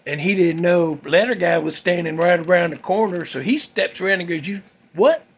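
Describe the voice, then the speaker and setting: A man with a high voice and a breathy edge hosts a show, speaking fairly quickly. In a casual storytelling monologue, he tells a workplace story in a folksy, salty, worked-up way.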